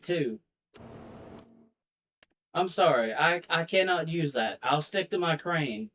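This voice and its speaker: Slow-talking, cursing male game streamer. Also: a little high, expressive, sharp tone. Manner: frustrated, swears a lot, slow drawl. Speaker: gaming streamer. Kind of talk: casual gameplay commentary.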